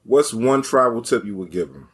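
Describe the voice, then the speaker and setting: A man hosting a casual interview with a middle-pitched voice. His questions come out laid-back and conversational. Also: normal speed, husky. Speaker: host.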